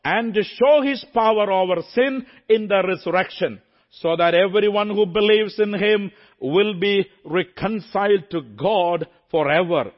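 High-voiced emphatic preacher man. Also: measured pace, muffled recording. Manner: emphatic, repetitive, swings from soft to loud. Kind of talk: sermon.

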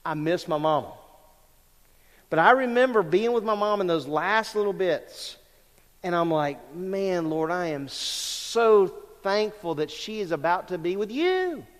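A man's voice: sits high, animated, measured pace, big-room sound. A man preaching a sermon as pastor, conversational and emphatic, asking the congregation questions. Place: large church sanctuary.

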